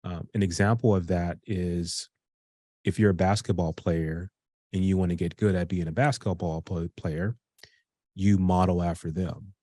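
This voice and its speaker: A man in his forties walks through a workshop topic in a relaxed, conversational way, trips over a word now and then, and starts again. His voice is very low. The sound is dry, with no room echo. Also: moderate pace. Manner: conversational, with frequent restarts and fillers. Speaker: speaker teaching a self-improvement workshop. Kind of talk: casual explanatory talk.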